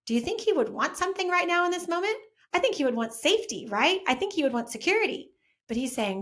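A woman's voice: very high-pitched, sing-song, fast, a bit bright. A young woman giving a casual Sunday talk for families, conversational and full of questions to the listener. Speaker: children's faith storyteller.

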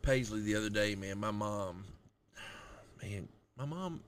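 A man in his thirties co-hosting a podcast, chatting casually with lots of slang and swearing, telling animated stories. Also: on the low side, measured pace, slight background noise. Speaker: podcast co-host. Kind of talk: casual chat.

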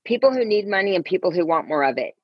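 Guest: middle-aged woman, low husky voice, lively storyteller, muffled earbud call. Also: quick pace, no echo. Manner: animated, acts out quoted voices. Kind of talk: casual interview storytelling.

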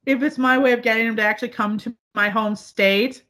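A high, bright-voiced woman from the northern US, chatting casually as a podcast co-host. She talks loud and fast, laughs a lot, and swears without a second thought. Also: fairly even intonation. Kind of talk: casual chat.

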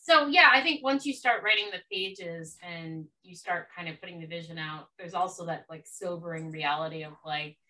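A woman with a bright, forward voice, chatting casually and hedging her points with "like". She sits away from the microphone, so she sounds a little distant. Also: lowish voice, normal speed, hardly any pauses. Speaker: podcast co-host, writer. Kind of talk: casual chat.

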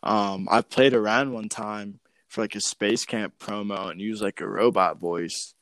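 A man who is a DJ, talking as a guest in a casual conversation, laid-back and hesitant with many pauses. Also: fairly low pitch, steady tone, fairly bright tone, no room sound. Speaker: DJ and podcast guest.

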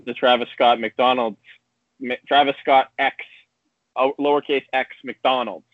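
A man's voice: medium pitch, fairly even intonation, unhurried, dry recording. Man telling a rambling story over a tinny line. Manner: rambling storyteller, acts out quotes. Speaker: podcast co-host. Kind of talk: casual chat. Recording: tinny phone-like line, dry.

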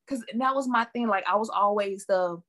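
A woman hosting a podcast, talking in an expressive, emotional way with lively exclamations. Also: medium pitch, moderate pace. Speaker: podcast host. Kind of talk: casual chat.

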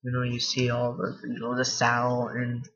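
Bright rambling man, lo-fi mic. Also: medium pitch, monotone, normal speed, slightly rough. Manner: rambling, self-deprecating, raising his voice. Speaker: podcast host. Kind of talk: casual solo podcast monologue. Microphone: computer mic from across the room.

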